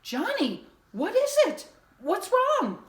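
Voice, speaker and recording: A woman voicing a worried father woken in the night, who speaks in hushed, halting phrases. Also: on the high side, very animated, roomy sound. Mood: alarmed.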